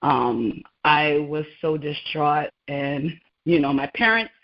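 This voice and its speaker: A woman laboratory scientist tells her story as a radio interview guest, animated, laughing often and acting out dialogue. She speaks slowly in a low voice, and the sound is muffled and lo-fi.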